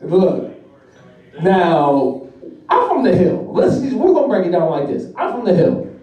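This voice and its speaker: Brash high-voiced man doing stand-up. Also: huge pitch swings, measured pace, mellow. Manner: brash, profane, laughing through jokes. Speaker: stand-up comedian. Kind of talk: stand-up comedy routine. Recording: echoey room from far off.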